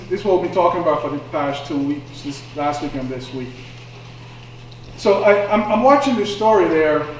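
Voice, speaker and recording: A man's voice: on the high side, slight background noise. A man preaching a sermon, telling stories in a conversational way that builds to impassioned moments. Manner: conversational storytelling, rising to impassioned. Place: church sanctuary. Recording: echoey church room from far off.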